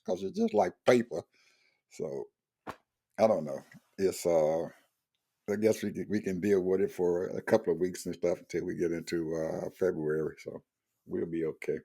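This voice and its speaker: Deep-voiced man chatting casually. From Georgia, USA. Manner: relaxed, chuckles often, repeats himself. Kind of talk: casual chat.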